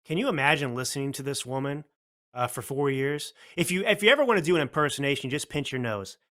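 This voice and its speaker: A man hosts a political commentary talk show in a bright, forceful, mid-range voice at a quick pace. He comes across as blunt and combative, firing off rhetorical questions.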